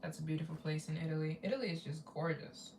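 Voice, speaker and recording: Woman, travel vlogger, rambling live-stream host, lowish voice, roomy room sound. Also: steady tone, fast talker, creaky, a little mellow, distant mic, slight background noise. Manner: rambling, repeats herself, reads out donations. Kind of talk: casual live-stream chat.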